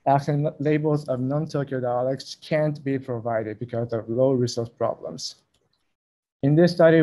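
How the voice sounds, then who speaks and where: A young man walks his listeners through his research at an online conference. His voice is mellow and relaxed, with a careful, slightly hesitant delivery that stays close to the middle of his range, heard through a video call microphone. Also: medium pitch. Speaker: conference presenter. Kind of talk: academic talk over a video call.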